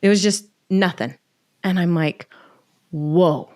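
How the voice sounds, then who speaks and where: Brief: middle-aged woman, podcast guest, candid and animated, dry close sound. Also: lowish voice, no room sound. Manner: animated, emotional, quick asides with reenacted dialogue. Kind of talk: candid personal storytelling.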